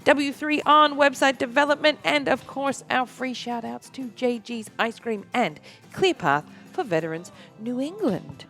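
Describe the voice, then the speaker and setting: A woman's voice: high voice, lively intonation, unhurried, hardly any pauses, a bit bright, faint music behind. A woman co-hosting a podcast, reading the sponsor list in an upbeat, chatty way. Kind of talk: casual sponsor read.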